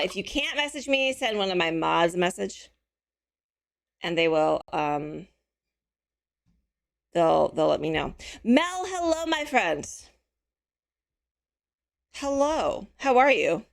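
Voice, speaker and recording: A talkative woman hosting a livestream chats easily with viewers, reading and replying to their messages as she goes. Her slightly hoarse, fairly bright voice rises and falls a lot, and she stays friendly and casual throughout.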